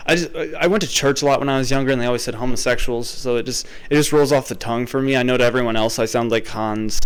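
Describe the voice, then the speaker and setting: A young man hosting a podcast, ranting profanely in a comedic way, with loud swearing outbursts that drop into muttered asides. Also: mid-range voice, clean tone, low-quality recording. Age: young adult. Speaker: podcast host.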